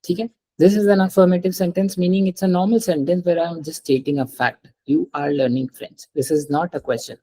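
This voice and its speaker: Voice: medium pitch, steady tone, fast, hardly any pauses, warm tone, husky, rough recording. A French teacher gives a live lesson. The teacher explains step by step, repeats each example and often checks that the student understands. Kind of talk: live online language lesson.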